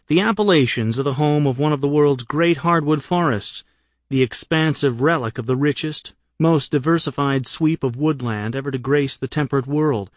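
Reading his own humorous travel memoir as a first-person audiobook, a man from the United States tells his stories dryly and wryly. His mid-range voice is recorded close to the microphone, and the sound is dry.

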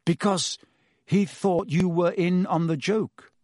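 A thoughtful teenage boy, as a man reads him in an audiobook. He speaks slowly, piecing things together. The voice is a touch high and closely, dryly recorded. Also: steady tone, a little mellow, dry recording, studio quality. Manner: slow, working things out. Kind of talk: audiobook character reading.

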